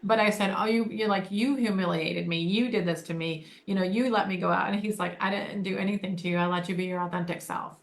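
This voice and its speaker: A woman's voice: medium pitch, steady tone, quick pace, vocal fry, hardly any pauses. A woman from Michigan co-hosting a podcast, telling a personal story in earnest and acting out the lines of the people in it. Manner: earnest, acts out quoted dialogue. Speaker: co-host. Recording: roomy echo.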